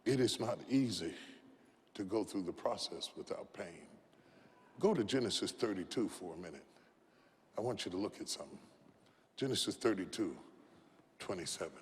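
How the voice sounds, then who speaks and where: A man's voice: deep voice, expressive, moderate pace, long pauses. A man preaching a sermon as pastor, impassioned and rhythmic, repeating lines and leading the crowd to say them back. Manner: impassioned, rhythmic preaching with repetition and call-and-response. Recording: long hall reverb.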